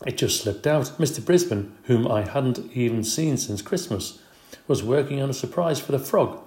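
A man reading a children's storybook aloud in an expressive, brisk way. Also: mid-range voice. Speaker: audiobook narrator. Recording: roomy echo.

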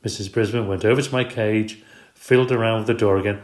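A man reading a children's book aloud in a steady, expressive way. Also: on the low side, fast talker. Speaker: storyteller. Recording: roomy echo.

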